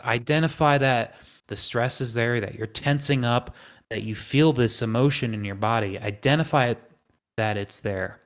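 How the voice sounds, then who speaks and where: A man hosting a live trading stream, talking casually and acting out panicked traders' thoughts. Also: medium pitch. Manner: animated, acts out panicked inner voices.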